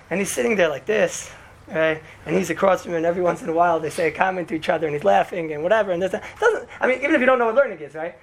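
A man giving an informal religious talk to a group, telling a rambling, animated story full of "right?" asides. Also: high-pitched, vocal fry. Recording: noisy background hiss.

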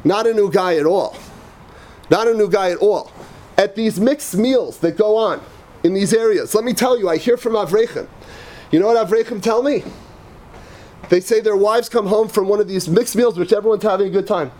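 A man's voice: high-pitched, normal speed, darkish tone. A man, a rabbi, giving an emphatic lecture to yeshiva students, repeating phrases, telling personal stories and dropping Hebrew and Yiddish terms into his English.

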